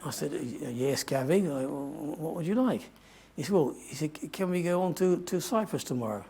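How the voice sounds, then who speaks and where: A man's voice: on the high side, expressive, fairly quick, vocal fry, warm tone. An older man giving a talk to an audience, telling a long adventure story in a rambling way and often correcting himself. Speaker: guest speaker.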